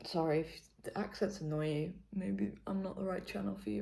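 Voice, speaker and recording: Chatting to camera in her vlog, a young woman with a British English accent speaks fairly quickly in a mid-range, steady voice that is dark in tone with some vocal fry. Her talk rambles, she corrects herself, and at times she whispers.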